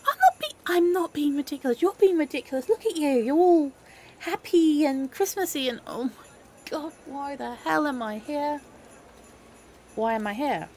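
Woman acting as a sarcastic christmas-hating girl, high voice, dramatic and mocking, audio role-play. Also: expressive, moderate pace, dark tone, slight background noise. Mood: exasperated. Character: grumpy sarcastic young woman who hates Christmas.

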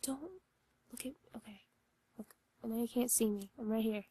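A young woman in a whispered role-play, speaking softly and reassuringly as a comforting partner guiding a slow visualization into a close mic. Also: on the high side, fairly even intonation, slightly rough, dry recording.

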